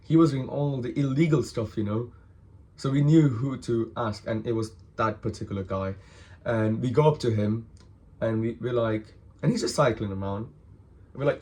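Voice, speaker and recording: A hungover man tells a story straight to the camera, loose and animated, dropping swear words everywhere. His voice sits at an ordinary middle pitch, and he keeps jumping in to act out what other people said. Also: moderate pace. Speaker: vlogger telling a story. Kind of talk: casual storytelling monologue.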